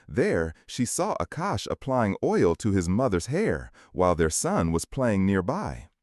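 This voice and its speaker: A man's voice: fairly low pitch, huge pitch swings, unhurried, a little mellow, no echo, studio quality. A man narrating a scripted family drama in a dramatic storytelling manner.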